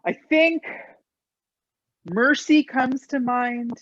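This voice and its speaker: A woman comedian guesting on a casual chat, joking crudely with a deadpan edge. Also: sits high, drawn-out words. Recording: dry, dull lo-fi remote line.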